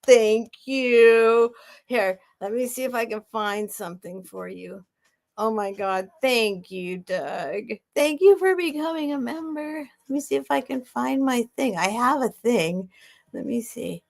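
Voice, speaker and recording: A woman's voice: a little high, unhurried, vocal fry. A middle-aged woman hosting a casual live sale stream, talking in a chatty, rambling way with emotional asides.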